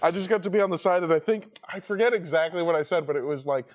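A man's voice: a little high, fast. A man co-hosting a casual podcast chat, laughing often and swearing freely. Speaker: podcast co-host.

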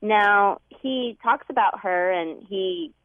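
A woman's voice: mid-range voice, slow pace, dry recording. A young woman calling a radio advice show, earnest and hesitant as she asks for advice. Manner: earnest, hesitant, with frequent ums. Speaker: caller. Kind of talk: phone-in question. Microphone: telephone. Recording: tinny phone line.

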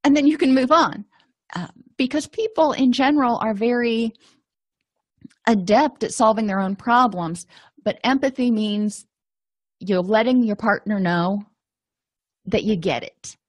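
A woman's voice: a little high, a little slow, pauses often, dry recording. A woman, a counselor, teaching a conversational lesson on empathy in relationships and acting out little quoted exchanges. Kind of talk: informal lecture on empathy.

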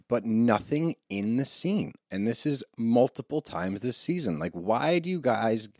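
A man ranting with heated, profane energy as he co-hosts a casual recap podcast. His pitch swings widely and he talks into a close mic in a dry, dead room. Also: animated, measured pace, few pauses, darkish tone, no echo. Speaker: podcast co-host.

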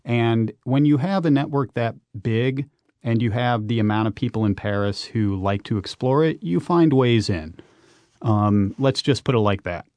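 A man, a guest on a radio interview, telling adventure stories in an animated, emphatic way. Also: medium pitch, normal speed, no room sound. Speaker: guest, urban explorer and author.

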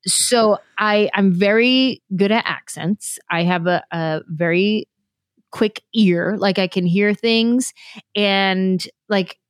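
A comedian in her thirties from San Jose, California, guests on a casual interview and tells stories from her career, animatedly quoting herself in little voices. Her voice is mid-range and clean, her pace slow, and the recording dry with clean studio sound.

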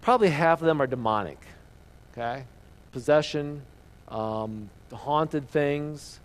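A man preaching a sermon as pastor, earnest, asking the listeners questions and dropping to a hushed voice for emphasis. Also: a little high, takes it slowly, low-quality recording.

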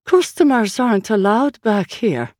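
Lady doing a young head chef, sweet but bossy, creepy calm, dry sound. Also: fairly high pitch, unhurried, no echo, pitched above the performer's own voice. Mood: cold command. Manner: pleasant yet commanding. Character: young female chef, eerily pleasant and commanding.

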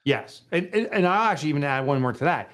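A man in a casual conversation who tells stories with a lively, swinging voice. He speaks a little higher than most men, laughs easily and acts out little scenes as he goes. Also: fast. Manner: animated storyteller, laughs often, acts out quotes. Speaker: author and guest.

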